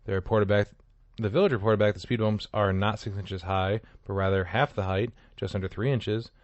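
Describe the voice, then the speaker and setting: A man's voice: lowish voice, steady tone, fairly quick, no room sound, dull audio. A man co-hosting a comedy podcast, reading out odd news stories with a dry, sarcastic delivery. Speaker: podcast co-host.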